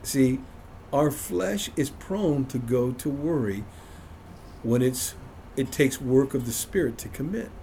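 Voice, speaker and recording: Mellow-voiced man leading a Bible study. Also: mid-range voice, lively intonation, slow, gravelly, a little hiss or hum. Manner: conversational, self-deprecating, chuckles often. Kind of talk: informal Bible study teaching.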